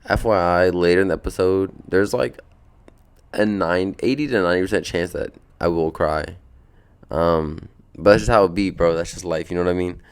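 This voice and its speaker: A man's voice: sits low, normal speed, clean tone. A sleepy young man hosting a podcast from a beanbag at home, chatting in a laid-back, rambling, slangy way. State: sleepy, just woken up. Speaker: podcast host. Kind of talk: casual rambling podcast chat.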